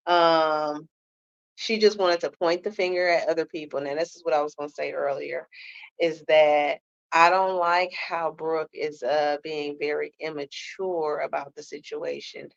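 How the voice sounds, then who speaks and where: A woman's voice: low voice, fairly even intonation, a little slow, creaky, muffled recording. A woman giving a blunt, sassy commentary on a reality show, keeps tagging her points with "okay?". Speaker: reality TV reviewer. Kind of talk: casual commentary.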